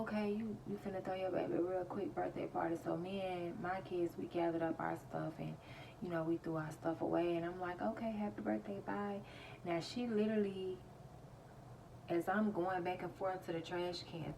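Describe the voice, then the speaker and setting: A woman's voice: lowish voice, vocal fry, distant mic, background noise. A woman casually telling her viewers a story, laughing often as she retells it. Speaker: vlogger.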